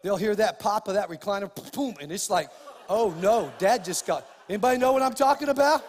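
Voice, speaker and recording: A middle-aged man preaching a sermon as pastor, acting out lively bits of dialogue as he goes. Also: sits high, a little fast, in a large hall. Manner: preaching with acted-out dialogue and rising emphasis.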